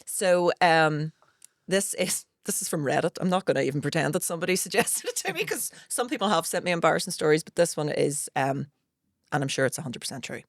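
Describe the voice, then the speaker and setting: A woman's voice: sits low, animated, fairly quick, dry recording, studio quality. A woman in her thirties hosting a casual comedy podcast, telling stories animatedly and laughing often. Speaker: podcast host.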